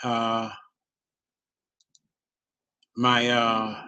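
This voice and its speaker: A man's voice: medium pitch, completely flat delivery, extremely slow, sharp tone, clear, resonant tone, dry recording. A middle-aged man, a comedian, telling a long profane story in a loose, rambling way. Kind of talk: casual storytelling on a video call.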